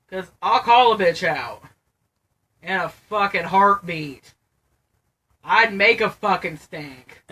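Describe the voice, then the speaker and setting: A co-host in a casual live-stream chat, speaking bluntly, swearing freely, and throwing in quick quips. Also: mid-range voice, sharp tone.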